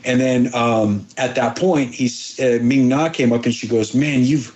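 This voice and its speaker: Middle-aged man, mid-pitch voice, earnest storyteller, stumbles and restarts, acts out quotes. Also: fairly even intonation, darkish tone, lo-fi sound. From abroad, moved to the United States as a child. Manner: earnest, halting, many restarts and quoted dialogue. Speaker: actor guest. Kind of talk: emotional interview storytelling.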